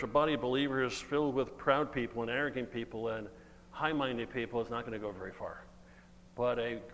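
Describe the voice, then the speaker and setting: A man's voice: mid-range voice, a bit bright. A man preaching an earnest, emphatic sermon and reading scripture aloud. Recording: long hall reverb, faint hum.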